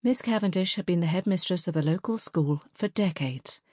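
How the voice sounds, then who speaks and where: A woman narrating a novel in a measured, even way. Her voice is low and the recording dry and close. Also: no echo. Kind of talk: audiobook narration.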